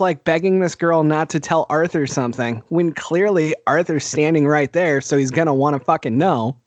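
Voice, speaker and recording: A man's voice: a little high, dry recording. A man co-hosting a podcast, chatting casually about a horror film, laughing often and swearing freely. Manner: laughing, profane, animated. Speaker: podcast co-host.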